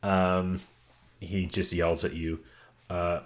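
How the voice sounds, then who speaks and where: Deep-voiced man rambling on a podcast. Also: a little slow, a bit bright. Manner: meandering, stops and restarts mid-thought. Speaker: podcast co-host. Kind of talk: casual chat.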